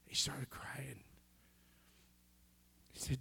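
Middle-aged preacher guy, husky and a bit high, dips to whispers then builds up loud. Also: steady tone, unhurried, pauses often. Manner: emotional, swings between hushed near-whispers and loud climaxes. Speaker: pastor. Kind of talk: storytelling sermon.

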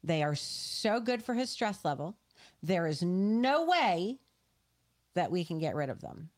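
A woman with a fairly low voice for a woman. She co-hosts a casual podcast and explains things earnestly, circling back and restarting as she goes. Her tone stays conversational and sincere. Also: very animated, measured pace. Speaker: podcast co-host.

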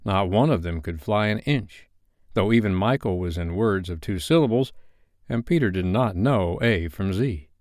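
A man reading a classic children's novel aloud as a bedtime story, in an expressive, lively manner. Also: lowish voice, normal speed, no room sound, studio quality.

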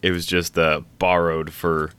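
Deep, bright-toned joking male co-host. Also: flat delivery, unhurried, clear, resonant tone. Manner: hesitant, many fillers and restarts, joking. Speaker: podcast co-host. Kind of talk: casual chat.

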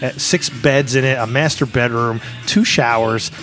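A man co-hosting a casual podcast from a pub booth, rambling through stories and quoting people in animated voices. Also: medium pitch, normal speed, faint music behind. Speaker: podcast co-host. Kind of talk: casual chat.

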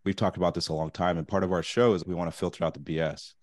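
Very deep, fast-talking sick man. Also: steady tone, darkish tone, no room sound, clean studio sound. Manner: casual, joking. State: sick, congested. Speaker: podcast co-host.

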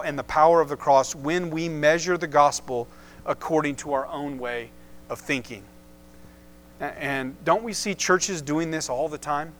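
A man preaching from a pulpit with a slightly high voice. He leans hard on key words and lets dramatic pauses hang between phrases. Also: a bit bright. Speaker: pastor. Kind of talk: sermon.

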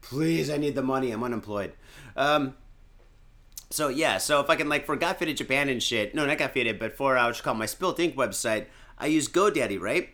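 A man's voice: mid-range voice, lively intonation, moderate pace, bright, forceful tone. A man from Michigan hosting a podcast, chatting loosely and cursing a lot while day drinking. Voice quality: profane, loose and jokey, lots of fillers. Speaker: podcast host. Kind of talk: casual rambling podcast chat.

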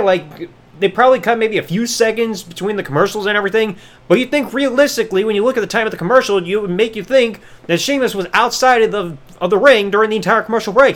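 Sarcastic, lively-voiced man. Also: sits high. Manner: sarcastic, profane, rambling. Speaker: podcast host. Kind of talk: wrestling review podcast.

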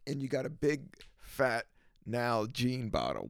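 A man's voice: medium pitch, very animated, slow, vocal fry, no echo, clean studio sound. A young man hosting a podcast, riffing casually and laughing often in a loose, rambling way. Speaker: podcast host.

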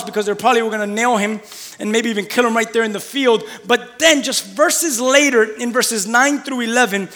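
A male preacher retelling a scripture story in an animated sermon, acting out the scenes as he goes. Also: very high voice, big-room sound.

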